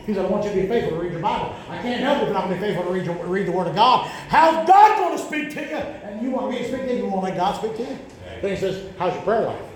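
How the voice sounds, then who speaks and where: A middle-aged male pastor preaching a sermon, telling stories and repeating words as he builds to shouted lines. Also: sits high, lively intonation, very fast, roomy sound. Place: church sanctuary.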